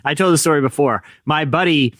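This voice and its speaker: A man's voice: fairly high pitch, brisk, a bit bright, dry recording, clean studio sound. A man hosting a podcast, joking and telling a playful story in casual chat. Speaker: podcast host.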